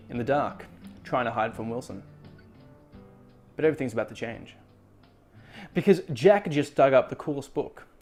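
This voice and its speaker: A man hosting a laid-back book review, talking at an ordinary middle pitch. He rambles through the story with plenty of fillers and restarts, and he drops dry, amused asides along the way. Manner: rambling, chatty, with frequent fillers and self-corrections. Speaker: book review show host. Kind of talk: casual spoken book review.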